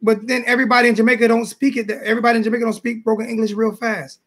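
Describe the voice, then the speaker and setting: A man's voice: extremely high pitch, little pitch movement, rapid-fire, fairly bright tone. A man hosting a casual sports talk show, loose and joking, often repeating his phrases. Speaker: host. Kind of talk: casual call-in chat.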